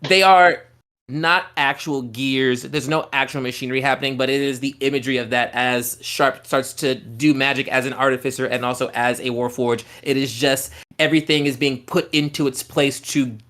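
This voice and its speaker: A man's voice: medium pitch, fairly even intonation, normal speed, sharp tone. Man narrating as a tabletop game master. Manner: loose, descriptive narration full of "like" and "um".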